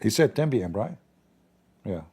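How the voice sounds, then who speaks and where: Male stream host, sarcastic and mock-outraged, husky dark voice. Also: fairly low pitch, very animated, normal speed. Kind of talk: joking live news commentary.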